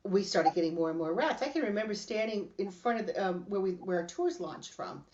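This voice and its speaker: An animated middle-aged woman tells stories in relaxed podcast chat, breaking into laughter as she goes. Her voice sits at a middle pitch. The recording sounds a little muffled and lo-fi. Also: fairly quick. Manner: animated storyteller, laughs often. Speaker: podcast host.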